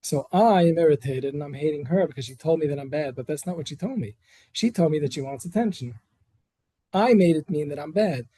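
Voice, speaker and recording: Man, earnest workshop leader, fairly high voice, mellow and dry, restarts phrases as he explains. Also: fairly quick, husky, no room sound, low-quality recording. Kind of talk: Torah workshop lecture. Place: study hall with online attendees.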